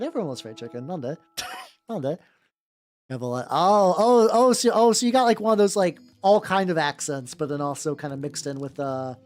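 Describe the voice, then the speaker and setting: Rambling, swearing streamer with faint music. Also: mid-range voice. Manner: rambling, frequent restarts and swearing. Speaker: VTuber streamer painting miniature terrain. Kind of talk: casual livestream chat while painting. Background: faint background music.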